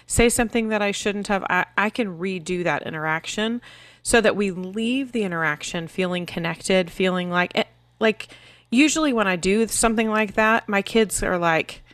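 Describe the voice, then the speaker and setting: A woman's voice: medium pitch, normal speed, fairly bright tone, dry recording. A woman in her thirties, co-hosting a podcast in casual, earnest parenting talk, telling stories and acting out her children's voices. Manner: earnest, storytelling, acts out her kids' voices. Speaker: podcast co-host.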